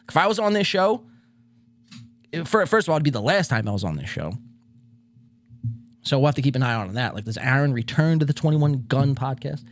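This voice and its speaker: A man hosting a podcast, pausing a clip to give sarcastic casual commentary. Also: a little high, big pitch swings. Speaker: podcast host.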